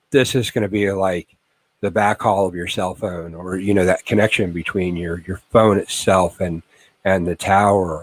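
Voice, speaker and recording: A man's voice: sits low, no room sound, poor audio. A man teaching networking basics in a loose, rambling way, full of fillers and acted-out everyday analogies. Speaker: instructor. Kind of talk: casual tech lecture.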